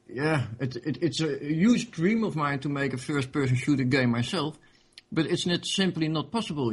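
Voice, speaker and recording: A man's voice: on the high side, slightly rough. A man being interviewed about his game mod, talking casually with many fillers and restarts. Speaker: interview guest, game modder.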